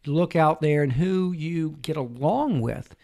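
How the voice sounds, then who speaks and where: A man's voice: on the high side, unhurried, vocal fry, warm tone. A man, a wealth advisor, chatting as a podcast guest and telling stories from his own past. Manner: storytelling, acts out quotes. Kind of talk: casual podcast interview.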